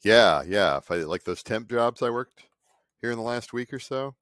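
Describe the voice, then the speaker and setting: A man's voice: mid-range voice, expressive, normal speed, fairly bright tone, no echo. A man in his fifties, an artist vlogger, talking in a cranky, sarcastic, rambling way and mocking other people. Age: 50s. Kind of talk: casual rambling monologue. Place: home studio.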